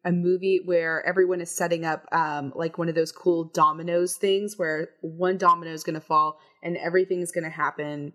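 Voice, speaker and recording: A woman's voice: fairly low pitch, steady tone, fairly quick, few pauses, fairly bright tone. A woman on a podcast, talking thoughtfully and a bit hesitantly in a casual chat.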